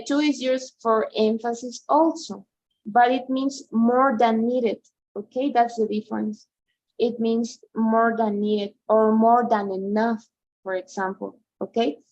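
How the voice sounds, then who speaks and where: A woman's voice: mid-range voice, darkish tone, lo-fi sound. A woman teaching in an online lesson, explaining patiently and checking in often with "right?" and "okay?". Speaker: English tutor.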